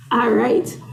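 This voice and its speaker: A woman with a Minnesota accent teaching a live online cooking class from her kitchen, chatty and upbeat as she greets viewers. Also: reverberant. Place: kitchen workspace.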